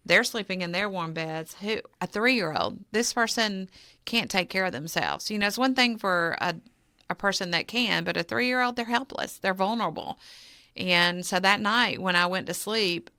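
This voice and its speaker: A woman's voice: medium pitch, normal speed, no echo, studio quality. A woman, a charity co-founder, telling a personal story in a podcast interview and acting out the dialogue as she goes. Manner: animated storyteller, acts out quoted dialogue.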